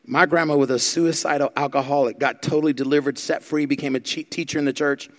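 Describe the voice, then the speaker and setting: Animated male preacher telling stories. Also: fairly high pitch, fast talker. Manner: animated, acts out quotes, asks the crowd for response. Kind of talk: sermon storytelling.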